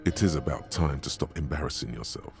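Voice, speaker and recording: An actor voicing the mocking inner voice of a troubled detective in a video game, blunt and dramatic. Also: male voice, extremely low pitch, brisk, creaky, over music. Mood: taunting.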